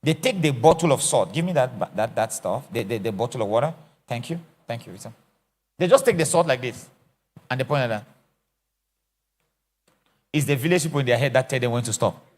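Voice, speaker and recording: Pausing often and talking a little fast in a mid-range voice, this middle-aged African apostle leads a lively teaching sermon at church. He is theatrical and animated, joking and acting out scenes.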